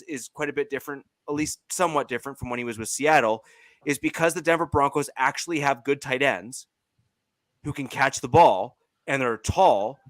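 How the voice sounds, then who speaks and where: A man's voice: medium pitch, fairly bright tone, no room sound. A man with a Canadian accent, co-hosting a casual sports chat and talking with many fillers and restarts. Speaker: podcast co-host.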